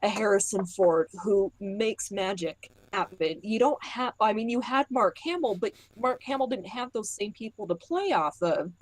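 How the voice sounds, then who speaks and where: A woman's voice: medium pitch, expressive, normal speed, few pauses, no echo, poor audio. A woman co-hosting a casual podcast chat, thoughtful and opinionated. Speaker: podcast co-host.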